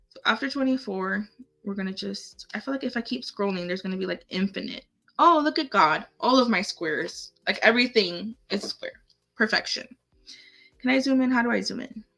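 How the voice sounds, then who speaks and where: Bright, slow-talking woman crafter. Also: on the high side. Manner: chatty, talks to herself and viewers while clicking. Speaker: craft tutorial host. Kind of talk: casual live tutorial. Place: home setup, live stream.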